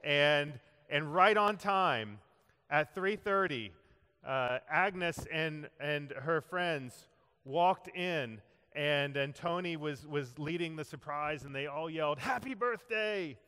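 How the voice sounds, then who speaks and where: A man preaching a sermon, an animated storyteller who acts out the voices of the people in his story. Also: on the high side, takes it slowly, smooth. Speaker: pastor. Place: church sanctuary. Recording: long reverb of a large hall.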